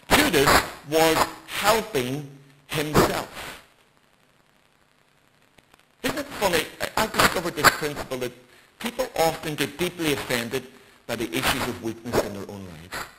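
A man's voice: on the high side, sing-song, moderate pace, long pauses. A man preaching a bible study sermon in an emphatic way, with rhetorical questions. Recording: loud background noise.

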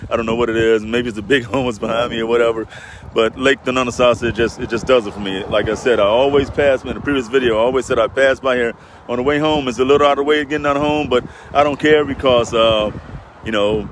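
A man's voice: medium pitch, fairly even intonation, fast talker. Man, middle-aged, casual live vlog, rambling, heartfelt, outdoors by a lake, faint traffic behind. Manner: rambling, heartfelt, repeats himself. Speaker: vlogger. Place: outdoors by a lake near a road. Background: faint road traffic.

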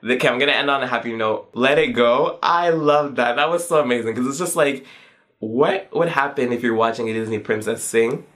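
A young man in his twenties reviews a game in an excitable, gushing way. His voice jumps sharply upward whenever he acts out his own reactions, and his speech is loose and full of casual slang. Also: a little fast. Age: 20s. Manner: excitable and gushing, with pitch leaps on quoted reactions.

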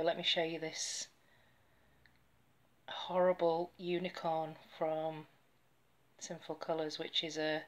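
A woman chatting casually to camera about nail polish, rambling a little and dropping into soft whispered asides. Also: fairly low pitch.

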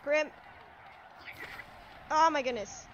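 A woman giving live commentary over her gameplay, excitable, yelping and talking back to the enemies on screen. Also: high voice, slow, highs cut off, a little hiss or hum. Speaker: let's play streamer.

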